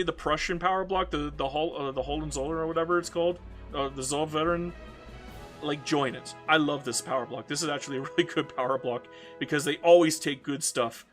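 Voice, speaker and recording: Ranting Canadian man, high voice. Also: a bit bright. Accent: Canadian English. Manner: ranting, swears freely, repeats words. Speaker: strategy game streamer. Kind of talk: casual gameplay commentary.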